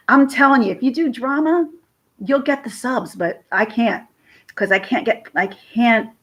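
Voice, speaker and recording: A woman in her thirties, tearful and emotional, chatting casually with viewers on a live stream. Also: medium pitch. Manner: tearful, emotional, thanking chat by name. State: teary from crying. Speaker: livestream host.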